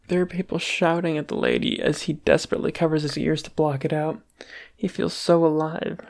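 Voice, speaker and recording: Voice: medium pitch, darkish tone. An amateur reader narrating a fan story aloud, stumbling and restarting now and then.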